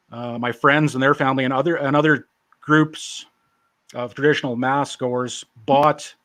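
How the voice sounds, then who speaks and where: A man's voice: medium pitch, fairly bright tone, no room sound. Laid-back man in his forties. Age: 40s. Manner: laid-back, joking, self-deprecating. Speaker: interview guest. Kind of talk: casual storytelling.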